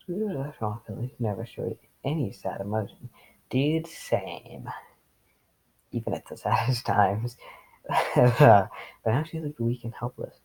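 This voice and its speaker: Male reader, gravelly husky voice, deadpan sarcastic commentary over story text. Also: medium pitch, a little slow, poor audio. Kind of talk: reading fan fiction with commentary.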